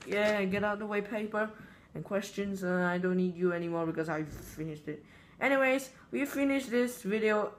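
A male channel host rambling through a casual would-you-rather vlog, halting often with fillers and restarts. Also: high voice, fairly bright tone.

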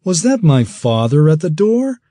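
A man voicing a defensive fifteen-year-old boy who takes offense quickly. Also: fairly high pitch, very animated, dark tone, dry recording, studio quality, voice pushed up. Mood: suspicious. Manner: indignant, quick to anger.

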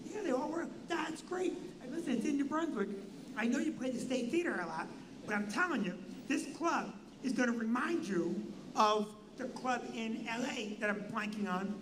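An older man, a comedy club owner, telling a comic story and acting out the people in it. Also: very high-pitched. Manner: animated, does voices of people in his story. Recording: noisy live-stream audio.

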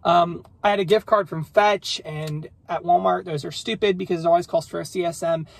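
A man with an American accent, chatting casually and excitedly about shopping deals in a vlog. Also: high voice, a little fast, creaky. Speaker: vlogger. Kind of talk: casual chat. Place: car and store.

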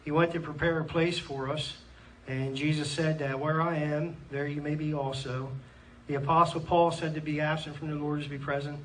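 A man's voice: on the high side, level tone, moderate pace, hardly any pauses. A man preaching a sermon in a church, earnestly reading scripture aloud and punctuating points with amens, with a Pennsylvania American accent. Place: church hall. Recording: distant mic in a church with faint room noise.

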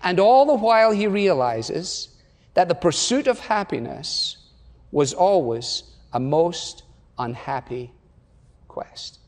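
A man in his sixties preaches with a notably high-pitched voice, pressing his listeners with rhetorical questions and emphatic repetition. His voice rings out with the long reverb of a large church auditorium. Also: very animated, slow pace, darkish tone. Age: 60s. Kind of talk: sermon.

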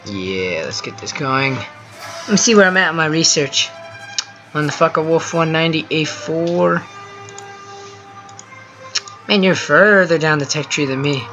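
A gamer at home talks through a match in an easygoing, excitable way, calling out targets and joking with a friend on the team. The voice sits at an ordinary middle pitch. Game music plays clearly underneath the whole time. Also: measured pace, pauses often, rough recording. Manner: chatty, excitable, talks to a teammate while playing. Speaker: gameplay video host. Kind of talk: casual live gameplay commentary.

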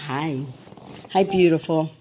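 A woman's voice: sits low, takes it slowly, heavy background noise. A woman talking baby talk to dogs and a toddler at home, laughing often, filmed on a handheld phone. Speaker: vlogger, dog owner. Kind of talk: casual home video chat.

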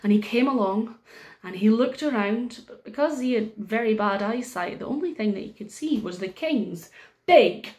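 A Scottish woman reading a children's story aloud with a lively, sing-song delivery. Her voice sits a little high for a woman and rises and dips freely as she pauses and turns to the listeners with asides. It is a playful storytelling voice for young children. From Scotland.

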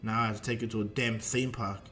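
A man's voice: lowish voice, level tone, fast, fairly bright tone, natural voice. A man voicing a proud, scornful adult warrior prince in a fan-made story narration. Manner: scornful, blunt.

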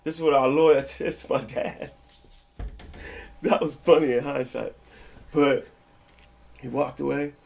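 A man in his forties telling stories from his past in a casual interview, animated and quick to act out the people in them. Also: mid-range voice. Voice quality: gravelly, husky. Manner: animated, acts out quoted people with a raised voice. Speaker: interview guest.

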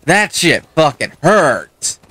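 A man's voice: a little high, big pitch swings, slow, pushed and bright, dry recording. A young man swearing and ranting as he comments on his own gameplay. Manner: profane, ranting, talks back to the game. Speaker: gaming channel host. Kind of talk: let's play commentary.

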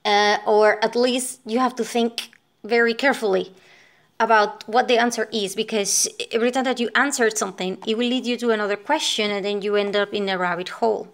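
A woman's voice: on the high side, fairly even intonation, brisk. A woman from Venezuela talking casually to her viewers, rambling and thinking aloud. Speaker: vlogger. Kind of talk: casual talk to camera.

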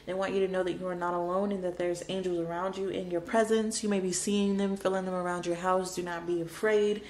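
A woman's voice: on the low side, little pitch movement, brisk, a little mellow. A woman giving a spoken tarot card reading, emotional and dramatic, repeating her phrases for emphasis. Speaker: tarot reader. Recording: roomy echo with faint background noise.

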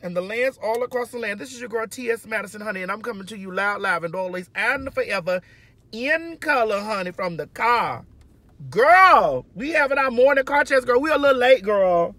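A woman's voice: a little high, lively intonation, moderate pace, a bit bright, no echo. A woman hosting a casual car chat to her phone camera, brassy and flamboyant, calling everyone "girl" and "honey". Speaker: vlog host. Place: inside a car.

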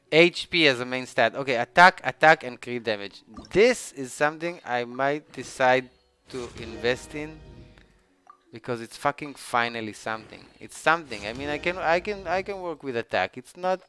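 A man streaming a game live, pleading with the game for better loot and swearing, with sudden shouted outbursts of frustration. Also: medium pitch, lively intonation, moderate pace, soft background music. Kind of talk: live gaming commentary.

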